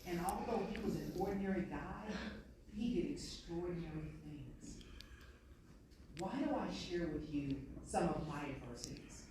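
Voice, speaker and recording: A woman's voice: lowish voice, a little slow, noisy background. Woman giving an earnest motivational speech. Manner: earnest, storytelling, repeats points. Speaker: keynote speaker. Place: large conference room with audience. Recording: echoey hall from far off.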